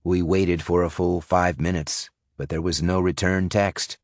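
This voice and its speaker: A man reading a thriller audiobook in first person, measured and suspenseful. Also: low voice, fairly even intonation, no echo, studio quality. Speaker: audiobook narrator. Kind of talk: scripted audiobook narration.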